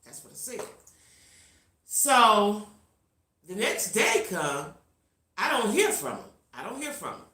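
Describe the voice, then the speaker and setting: A middle-aged woman hosts a casual live stream, telling a story in an animated way and chatting with her viewers as she reads their comments. Her voice is bright and a little tense, set at an ordinary pitch. The sound carries a roomy echo. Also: takes it slowly, long pauses. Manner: animated, talks straight to viewers. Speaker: livestream host.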